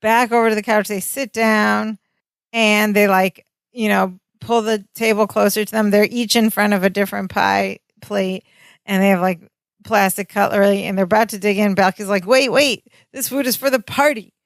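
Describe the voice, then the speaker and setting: Woman, podcast co-host, medium pitch, dry close sound, scene-by-scene narration. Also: little pitch movement, normal speed, gravelly, no room sound. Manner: narrates scenes step by step, quotes characters. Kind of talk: casual chat recapping a sitcom.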